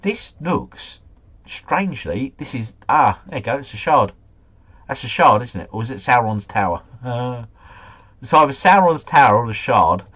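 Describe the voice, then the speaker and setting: A man streaming a guessing game live, thinking aloud and chatting to viewers, his volume rising and falling with excitement. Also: mid-range voice, normal speed, highs cut off. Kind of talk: casual live commentary.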